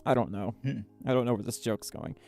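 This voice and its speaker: A woman's voice: rumbling low, lively intonation, brisk, vocal fry, dark tone, soft background music. A woman chatting casually on a livestream, bubbly and giggly, reading chat messages aloud with lots of fillers. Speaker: streamer.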